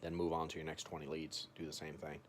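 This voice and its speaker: A man's voice: very deep voice, quick pace, a little hiss or hum. A man coaching salespeople in a casual, chatty way, acting out phone calls and saying "dude" a lot. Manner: relaxed, chatty, role-plays phone calls, says "dude" often. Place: home, recording himself.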